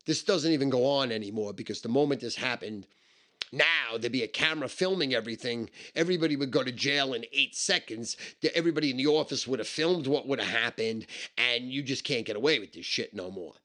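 Bright-voiced man, blunt and profane. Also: medium pitch, fairly quick. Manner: blunt, heavily profane, emphatic. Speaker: storyteller. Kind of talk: casual spoken anecdote.

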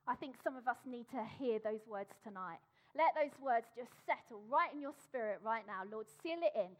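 A woman's voice: a little high, expressive, normal speed. A middle-aged woman preaching a sermon, emphatic and repeating her phrases for effect.

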